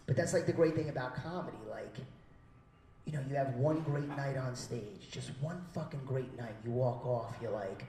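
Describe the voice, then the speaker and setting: A man's voice: mid-range voice, normal speed, recorded from a distance, a little hiss or hum. Profane stand-up comic man, roomy venue. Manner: profane, loud acted-out quotes. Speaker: stand-up comedian. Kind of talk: stand-up comedy set. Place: small comedy venue.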